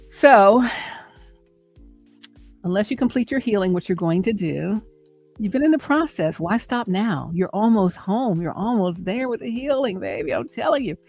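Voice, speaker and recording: A middle-aged woman hosts a motivational faith talk on a livestream, coaxing her listeners with an emphatic, repetitive, preacher-like cadence. Her voice is fairly low-pitched with vocal fry.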